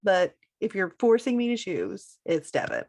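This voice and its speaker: A woman's voice: medium pitch, very animated, moderate pace, a little mellow. Agreeable mother chatting on a podcast. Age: adult with children. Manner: agreeable, backchannels a lot. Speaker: podcast co-host. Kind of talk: casual chat about TV characters.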